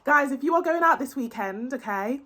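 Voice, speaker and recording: A woman with a slightly high voice gives a casual tarot reading straight to her viewers. She talks in an earnest, reassuring way, full of fillers and restarts. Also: lively intonation, fairly quick, a bit bright. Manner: emotional, tearful, earnest and reassuring; many fillers and repeated words. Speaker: tarot reader.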